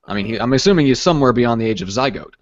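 A man co-hosting a podcast in casual chat, tossing off dry, deadpan wisecracks. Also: mid-range voice, rapid-fire, dry recording, lo-fi sound. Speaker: podcast co-host.

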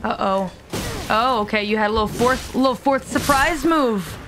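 A young woman talking through a game stream in a loose, joking way, turning to her viewers for asides and dropping curses without a second thought. Her voice sits a little high for a woman. Faint hum and room sound hang behind her. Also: moderate pace. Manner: playful, joking, swears freely; chatty asides to the audience. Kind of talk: casual live-stream commentary.

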